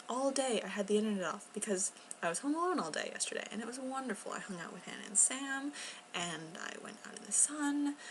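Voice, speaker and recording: Quiet rambling young woman vlogger, a bit gravelly. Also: medium pitch, a little hiss or hum, rough recording. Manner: rambling, chatty, filler-heavy with soft laughs; talking quietly, at times near a whisper. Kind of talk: casual unscripted vlog. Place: home, indoors.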